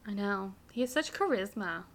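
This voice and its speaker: A woman's voice: mid-range voice, animated, moderate pace, a bit bright. A young woman co-hosting a podcast in casual chat, upbeat and filling her talk with "like". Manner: upbeat, says "like" a lot. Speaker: podcast co-host.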